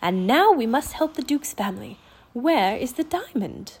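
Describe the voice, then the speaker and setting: A woman voicing a friendly young apprentice magician in a children's storybook, calm and old-fashioned in his phrasing. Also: fairly high pitch, moderate pace, breathy edge, exaggerated voice.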